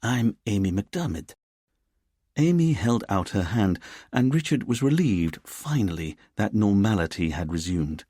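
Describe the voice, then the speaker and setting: A male audiobook narrator with a deep, husky voice and a lively, expressive pitch. He tells the story in a measured way. The recording is dry and close. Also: no room sound. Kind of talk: scripted narration.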